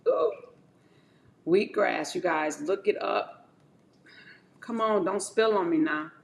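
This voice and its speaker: A woman chatting casually to her viewers as she juices and drinks wheatgrass shots, calling them y'all and talking in animated bursts. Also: on the low side, slow, vocal fry, echoey room, a little hiss or hum. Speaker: wellness vlogger. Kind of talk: casual chat to camera.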